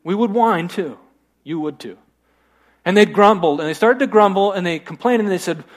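High-voiced joking male pastor. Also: lively intonation, a little fast. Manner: conversational, joking asides. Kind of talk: sermon. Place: church.

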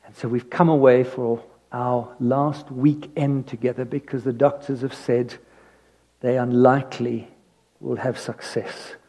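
A man preaching a sermon, telling a personal story with animated emphasis that drops into hushed asides. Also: medium pitch, measured pace.

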